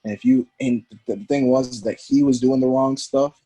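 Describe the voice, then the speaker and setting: A former professional soccer player, appearing as a podcast guest, tells stories in a medium-pitched, slightly rough voice at a moderate pace. He's animated and acts out the voices of the people he quotes.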